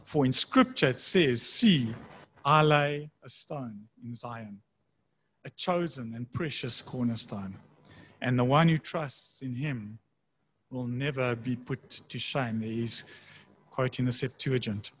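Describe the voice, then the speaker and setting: Pastor guy preaching, kinda husky, reads the verses slow. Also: medium pitch, fairly bright tone. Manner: conversational preaching, slowing for scripture readings. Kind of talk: sermon.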